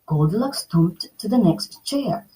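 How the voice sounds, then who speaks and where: A woman reading a children's story aloud as storyteller, slowly and expressively. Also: medium pitch, poor audio. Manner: slow, expressive read-aloud.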